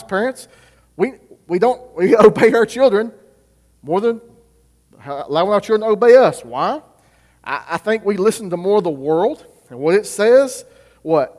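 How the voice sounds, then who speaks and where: A youth pastor with a high, slightly mellow voice preaches a sermon, putting rhetorical questions to the congregation and then answering them himself. He speaks in a church hall whose long reverb fills the recording.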